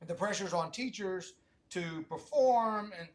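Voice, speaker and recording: Unhurried and high-voiced, this middle-aged podcast host chats casually with a guest. He asks loose, wandering questions, interrupting himself and starting over partway through.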